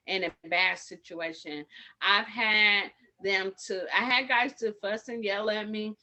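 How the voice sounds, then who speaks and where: A woman gives an informal training talk to community medics. Her voice is bright and sharp at a middling pitch. She rambles, restarts her sentences and fills them with slang as she tells her stories. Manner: rambling, self-correcting, lots of fillers, street slang.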